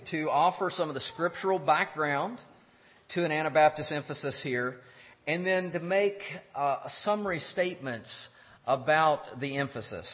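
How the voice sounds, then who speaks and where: A man giving a measured theology lecture, explaining step by step with pauses and restarts. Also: a little high. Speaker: teacher. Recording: dull lo-fi sound with long hall reverb.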